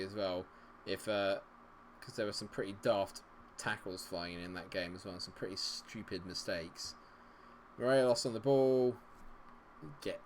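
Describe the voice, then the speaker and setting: A man's voice: lowish voice, fairly bright tone, a little hiss or hum. A man giving live commentary over a football management game, sarcastic and exasperated, swinging between grumbling and cheering. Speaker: gaming streamer.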